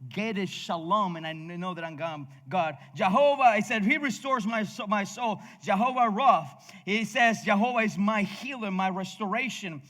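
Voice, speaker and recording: Spanish-accented male pastor, fervent rhythmic preaching, bright tone, long church reverb. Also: sits high, normal speed, hardly any pauses. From Cuba. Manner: passionate, rhythmic preaching with frequent restarts and laughter. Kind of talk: sermon. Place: church sanctuary.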